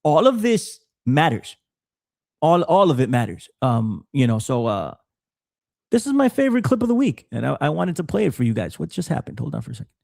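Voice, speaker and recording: A man hosting a podcast, giving casual political commentary in an animated way with frequent stammered restarts. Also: a little high, brisk, vocal fry, no room sound, studio quality. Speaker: podcast host.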